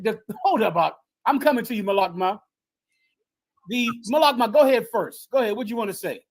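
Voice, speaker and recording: A woman's voice: medium pitch, animated, moderate pace, slightly rough, rough recording. A woman hosting a livestream and lecturing with emphatic, preachy force, repeating her phrases for effect over a video-call mic. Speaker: livestream host and teacher. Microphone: streaming software on a video call.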